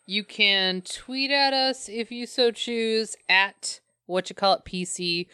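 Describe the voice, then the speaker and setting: A woman's voice: mid-range voice, slow pace, sharp tone, smooth, dry recording, clean studio sound. A woman co-hosting a podcast in casual, rambling chat, laughing often and poking fun at herself. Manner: giggly, rambling, self-mocking. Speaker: podcast co-host. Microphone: compact podcast mic.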